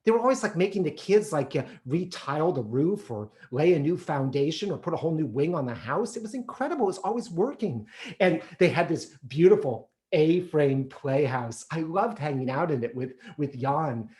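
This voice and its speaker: A man performing an autobiographical solo theatre monologue in an animated, comic storytelling way. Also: a little high, normal speed.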